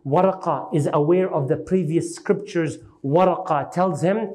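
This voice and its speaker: A man's voice: normal speed, hardly any pauses, a little mellow. A man teaching an Islamic lecture, retelling a story dramatically and asking the audience questions. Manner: dramatic retelling, acting out quoted speech with rising pitch. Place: mosque lecture hall.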